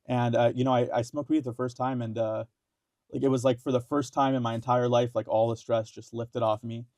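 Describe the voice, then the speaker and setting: A young man from India, a podcast guest telling his story in halting casual talk, full of fillers, restarts and swearing. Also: mid-range voice, level tone, darkish tone, dry recording, studio quality.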